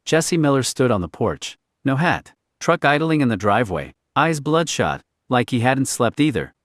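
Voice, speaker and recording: A man reading a story aloud in a quiet, clipped, understated way. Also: mid-range voice, sing-song, normal speed, dry recording, studio quality. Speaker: narrator. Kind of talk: scripted story narration.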